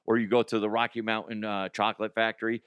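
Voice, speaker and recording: A man's voice: on the low side, flat delivery, fast, fairly bright tone, clear, resonant tone, dry recording, studio quality. Rambling, profane male comedy news host. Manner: rambling, profane, with frequent restarts and fillers. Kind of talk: casual comedic news commentary.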